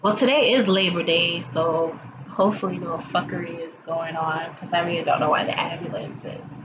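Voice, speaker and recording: In a lowish, steady voice at a moderate pace, a TV episode reviewer with allergies chats through a casual recap vlog from home. She's a chatty storyteller who acts out the characters' lines and laughs along, sounding stuffy. The dull home recording has audible background noise, including sirens passing outside.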